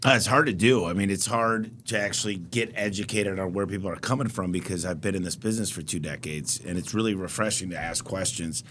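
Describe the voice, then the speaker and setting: A man's voice: sits low, brisk, few pauses, a bit bright, a little hiss or hum. Casual storytelling man hosting. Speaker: podcast host. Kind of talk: podcast conversation.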